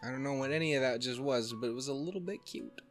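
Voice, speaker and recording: A man's voice: mid-range voice, fast talker, faint music behind. A man playing a visual novel on his channel, reading the text aloud between profane, self-deprecating, rambling asides. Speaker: let's player. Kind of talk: casual game commentary, reading text aloud.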